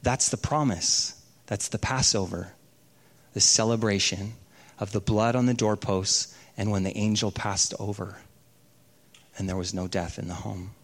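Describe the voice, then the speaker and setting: A man preaching a sermon, telling stories and slowing down for emphasis. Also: on the low side, steady tone. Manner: storytelling, slows down for emphasis. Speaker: pastor.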